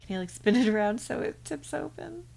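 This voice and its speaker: A woman streaming a game in a soft-spoken ASMR style, quietly playful and muttering to herself. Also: on the high side, animated, brisk, gravelly.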